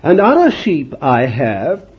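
Man preaching, fervent sermon, high-pitched, dull lo-fi recording. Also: huge pitch swings, takes it slowly, a little mellow. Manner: fervent, emphatic, reading scripture aloud.

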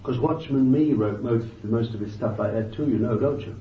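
Guy preaching in a church hall, gets loud then goes quiet, lots of "you see", sounds far off and kind of muffled. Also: medium pitch, normal speed, slight background noise. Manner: fervent, swings between loud emphasis and quiet asides; thinks aloud with restarts and "you see". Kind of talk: sermon. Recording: dull, lo-fi, echoey and off-mic.

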